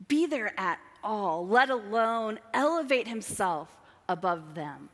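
A woman preaching a sermon, dramatic, moving between emphatic lines and hushed asides. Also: medium pitch, animated, slow pace. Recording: long hall reverb.

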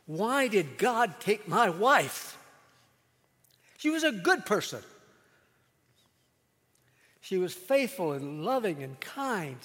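A man voicing a crotchety old retired farmer who is grieving, speaking slowly and bitterly. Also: sits high, sing-song, a bit bright, long reverb tail, full character voice. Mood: grieving, angry.

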